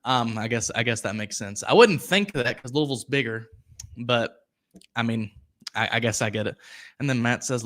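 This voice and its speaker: A man's voice: medium pitch, normal speed, a bit bright. A young man hosting a sports podcast, chatting casually, rambling off on tangents and reading viewer comments aloud. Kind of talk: casual live-stream commentary.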